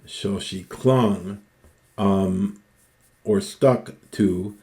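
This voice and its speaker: A man teaching ancient Greek, reading Homer slowly and stopping to explain each word. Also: on the low side, mellow. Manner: slow, deliberate, repeats and parses each word.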